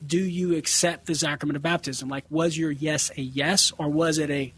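A man's voice: a little high, moderate pace, fairly bright tone, husky. A man, earnestly explaining answers to callers on a call-in radio show and acting out bits of dialogue. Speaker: guest apologist answering callers.

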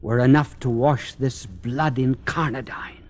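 In a mid-range voice, a man delivers recorded Catholic religious instruction in a dramatic, declamatory style, leaving long pauses between phrases.

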